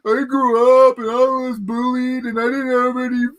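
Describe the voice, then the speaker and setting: A man mocking a self-pitying grown man who whines and sobs about having no friends, in a high whimpering voice. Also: little pitch movement, moderate pace, fairly bright tone. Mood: sobbing whine. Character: whiny crying grown man online.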